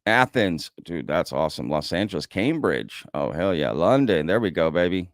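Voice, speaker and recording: A man's voice: sits low, big pitch swings, moderate pace, no room sound, studio quality. A man with an American accent hosting a casual livestream, chatting loosely and reading out viewers' comments. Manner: chatty, reads out viewer comments, says "y'all". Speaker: livestream host.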